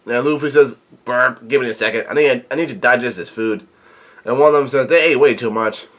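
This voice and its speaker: Here a man runs a reaction video, voicing comic panels and adding his own remarks. The voice is fairly bright at an everyday middle pitch, and he stumbles often, restarting words and leaning on fillers.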